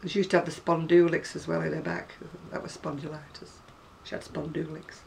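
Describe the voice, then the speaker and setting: A woman's voice: sits low, level tone, fast, gravelly, a little mellow, recorded from a distance, a little hiss or hum. A woman in her sixties with a northern English accent, chatting casually and rambling to camera about her crafts, often laughing. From North West England. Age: 60s. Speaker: craft seller.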